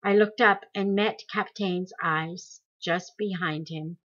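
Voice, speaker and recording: A woman reading a memoir aloud in slow, deliberate storytelling. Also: fairly low pitch, fairly even intonation, fairly bright tone, highs cut off. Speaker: audiobook reader.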